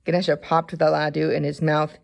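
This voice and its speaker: A woman reading a children's storybook aloud, expressive in manner. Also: sits low, fairly quick, creaky.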